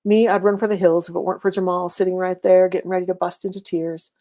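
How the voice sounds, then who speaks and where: A woman reading a first-person serialized story aloud in a steady, wry, conversational way. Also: lowish voice, quick pace. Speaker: reader.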